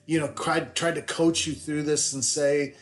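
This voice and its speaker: A middle-aged man chats casually as a podcast guest, spinning long family anecdotes. His voice sits a little high for a man. He wanders and restarts, poking fun at himself as he goes. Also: little pitch movement, a little slow, fairly bright tone. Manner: rambling, self-deprecating, with many restarts. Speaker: podcast guest, the host's father. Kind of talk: casual storytelling chat.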